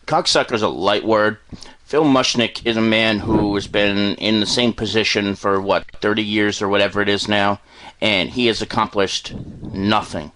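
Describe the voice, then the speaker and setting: A man co-hosting casual radio talk, steady and matter-of-fact with blunt remarks. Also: on the low side, moderate pace, slight background noise, poor audio. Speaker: radio co-host.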